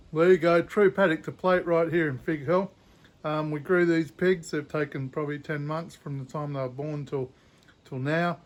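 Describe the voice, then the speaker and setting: A relaxed man talks through a farm kitchen job in a loose, chatty way, full of little ums. His voice sits somewhat high for a man, with a faint hiss of background noise. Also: moderate pace. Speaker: farmer and video host. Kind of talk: casual how-to demonstration.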